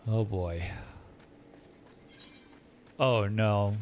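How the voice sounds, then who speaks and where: A man's voice: mid-range voice, sing-song, slow pace, slight background noise. A man streaming a video game, chatting casually, reacting aloud and talking to his viewers. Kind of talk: casual gaming commentary.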